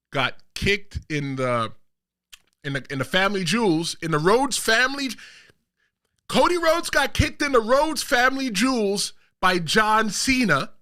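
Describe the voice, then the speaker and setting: Excitable man with a bright, high voice. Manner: animated, excitable, playful street slang. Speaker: wrestling commentary host. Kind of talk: casual recap commentary.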